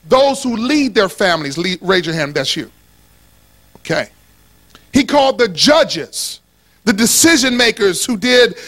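A pastor with a strikingly high voice delivers a sermon to his congregation. He's animated and playful, pulling the room into call-and-response and shouting on key lines.

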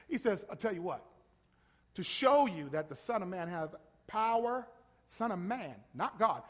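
Male pastor, very high voice, sermon with call-and-response, long hall reverb. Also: very animated, measured pace, long pauses. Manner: call-and-response, prompting listeners to finish verses; talks directly to a congregation member.

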